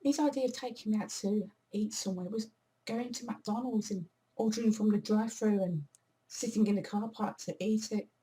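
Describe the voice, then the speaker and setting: A woman's voice: medium pitch, a little fast, warm tone. A woman, chatting casually and rambling in a self-deprecating way as a vlogger. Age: 40s. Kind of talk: casual monthly favourites chat.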